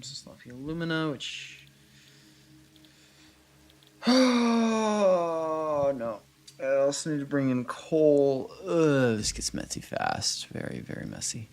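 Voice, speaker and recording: A game streamer with a mid-range voice and some vocal fry comments casually while playing a building game, and there's a little hiss or hum in the audio. He thinks aloud, trails off and restarts, mutters counts, and chats back to viewers.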